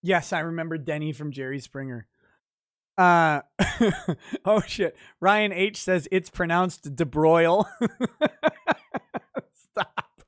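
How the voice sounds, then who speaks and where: A man's voice: a little high, slow pace, fairly bright tone, dry recording, clean studio sound. A man hosting a casual livestream, reading chat messages and mocking an article with sardonic, profane commentary. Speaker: livestream host.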